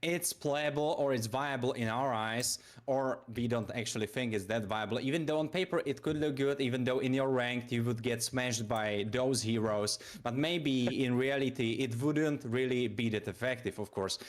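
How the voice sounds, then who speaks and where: A man giving measured esports commentary as a co-caster, hedging often with "of course" and "uh.". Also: mid-range voice. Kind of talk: live tournament commentary.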